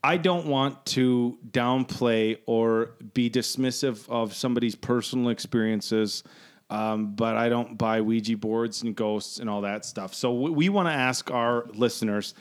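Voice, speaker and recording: A man's voice: medium pitch, a little slow, clear, resonant tone. A man hosting a casual podcast, joking, skeptical and swearing freely. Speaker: podcast host.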